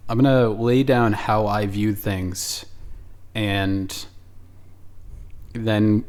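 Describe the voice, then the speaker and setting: Meet a man with a somewhat low voice, trading deadpan jokes in a casual film chat. He lays out his points step by step. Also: drawn-out words. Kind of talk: casual movie commentary chat.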